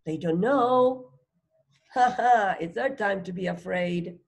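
A woman reading a phonics storybook aloud as a teacher, slowly sounding out words, asking questions and praising a child. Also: mid-range voice, creaky. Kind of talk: slow read-aloud lesson for a child.

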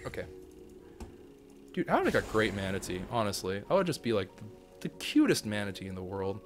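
An excitable man chatting through his gameplay in a casual, joking way, his pitch leaping all over the place. He keeps breaking into high yelps and shouts. Faint game music plays underneath. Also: brisk, gravelly. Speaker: gaming channel host.

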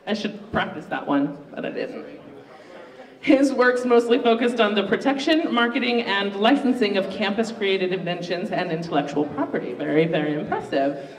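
A host running a live student pitch contest in a university library event room. The host is chatty and upbeat and pokes fun at their own slip-ups. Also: lively intonation, normal speed, recorded from a distance. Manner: upbeat, chatty, self-mocking. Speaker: game show host. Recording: roomy, echoey room recorded from afar.

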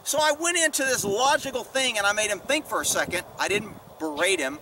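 A man's voice: sits high, brisk, bright, forceful tone. A middle-aged man, a former police officer, telling stories in a casual vlog with a profane, rambling, candid way of talking. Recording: distant mic with faint background noise.

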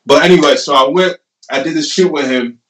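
A man's voice: on the high side, brisk. A young man in his twenties, a guest casually telling a story and often acting out what he said and what others said. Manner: animated, laughing retelling with lots of "I'm like". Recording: roomy and a bit distant from the mic.

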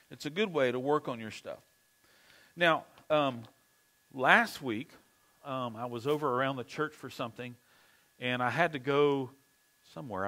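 Man, pastor, sermon, conversational storytelling, middle pitch. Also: bright, forceful tone, rough recording.

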